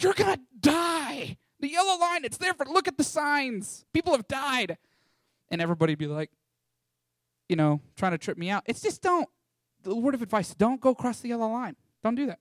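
This young man, around eighteen and from Texas, shares a loose, rambling testimony of a mission trip, peppered with fillers. His voice is high. The sound is clean studio audio without echo.

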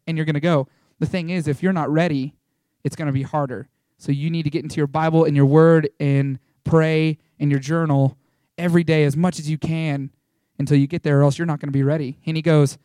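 A young man giving an informal, rambling testimony to a small church, excitable and full of fillers and restarts. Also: fairly high pitch, a little fast, no room sound, clean studio sound. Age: young adult.

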